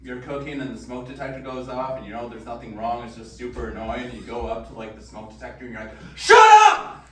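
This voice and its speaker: Man doing stand-up, rambling storyteller, echoey room, heard from a distance, loud crowd. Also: medium pitch. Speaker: stand-up comedian. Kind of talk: stand-up set. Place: large room at a comedy show. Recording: echoey hall, distant mic, crowd noise. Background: audience laughter.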